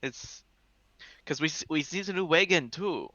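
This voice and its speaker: A man's voice: a little high, moderate pace, pushed and bright, no echo, lo-fi sound. A man playing in a tabletop game, bantering in character in a hesitant, playful way. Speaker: player.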